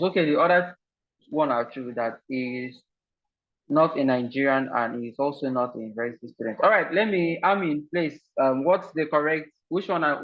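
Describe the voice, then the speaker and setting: A man's voice: fairly high pitch, dull audio. A man hosting an online team game over a video call, polite and full of fillers and repeated words. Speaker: online session host.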